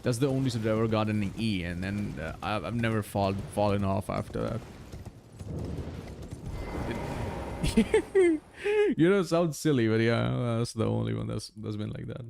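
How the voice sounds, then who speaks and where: A man's voice: fairly low pitch, lively intonation, normal speed, creaky, slight background noise. A young man in his twenties streaming a game, chatting casually with viewers, swearing freely and laughing often. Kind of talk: casual chat with stream viewers while gaming.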